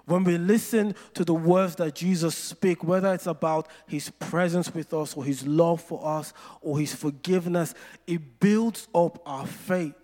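A man preaching a sermon, telling stories with playful asides and slowing down to stress scripture. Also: fairly high pitch, darkish tone. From Nigeria. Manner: storytelling with playful asides and slow, emphatic scripture lines. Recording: long hall reverb.

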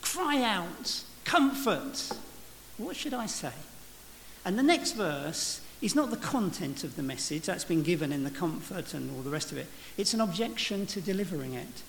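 Talking fairly quickly with hardly any pauses, a man with a slightly high, creaky voice and lively intonation preaches in church. He is reflective, often restarting and saying "you know." Faint hiss sits under the reverberant hall.

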